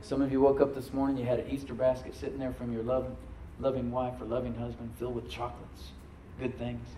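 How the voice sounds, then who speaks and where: A man preaching a sermon, swinging between loud, emphatic surges and quiet, confiding asides, and calling on the congregation to answer back. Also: medium pitch, flat delivery, fast, roomy sound, distant mic, slight background noise, rough recording. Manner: calls for responses from the congregation. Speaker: pastor.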